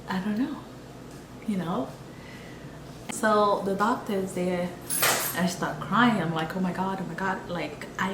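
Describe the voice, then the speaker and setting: A woman vlogger telling a personal story in a casual, emotional way, rambling, with many fillers and restarts. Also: fairly low pitch. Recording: echoey room with background noise.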